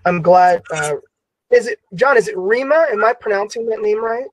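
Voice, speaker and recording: High-voiced man hosting a Bible class. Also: lively intonation, normal speed, poor audio. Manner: casual, many fillers and restarts. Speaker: class host. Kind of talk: online Bible class discussion.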